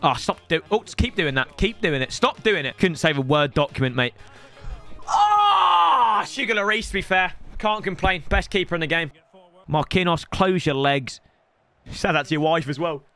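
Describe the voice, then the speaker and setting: Young male gaming commentator, high voice, rowdy banter. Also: fairly quick, over music. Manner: excitable, joking banter with bursts of yelling. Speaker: gaming YouTuber. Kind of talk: live gameplay commentary.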